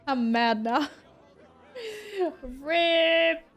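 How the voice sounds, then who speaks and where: A woman's voice: high-pitched, drawn-out words, faint music behind. A woman streaming a game, chatting casually with her viewers, laughing often and swearing now and then. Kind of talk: casual gameplay commentary.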